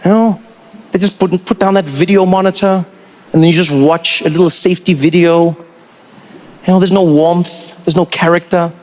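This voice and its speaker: A man with a South African accent performing a lively stand-up comedy routine and acting out other people's voices. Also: high voice, moderate pace.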